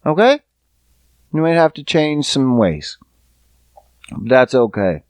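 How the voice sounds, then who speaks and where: Slow, lively-voiced man hosting a podcast. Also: mid-range voice, dry recording. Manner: profane, rambling and joking. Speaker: podcast host. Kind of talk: casual podcast monologue.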